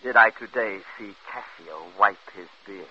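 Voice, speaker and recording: An actor playing a sly, scheming villain in a 1950s radio drama, speaking in smooth, insinuating tones on an old radio broadcast. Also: male voice, lowish voice, measured pace, sharp tone, lo-fi sound, a little hiss or hum.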